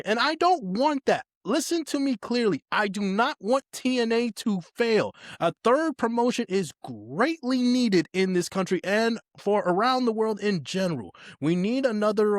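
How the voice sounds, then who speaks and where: High-voiced man, emphatic podcast talk. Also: no room sound, studio quality. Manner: emphatic, opinionated. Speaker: podcast co-host. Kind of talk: casual chat.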